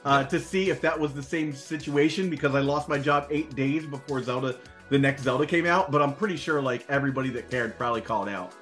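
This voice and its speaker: A man's voice: medium pitch, quick pace, few pauses, a bit bright, faint music behind. A man in his forties hosting a casual chat, an enthusiastic storyteller who repeats words as he gets going. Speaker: podcast host.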